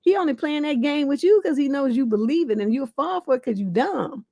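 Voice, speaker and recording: A woman's voice: sits high, lively intonation, a little fast, creaky, dark tone, no echo, studio quality. A middle-aged woman hosting a livestream as a relationship coach, reading listener questions aloud and answering in a blunt, profane, mocking way. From Northern California. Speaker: relationship coach and show host.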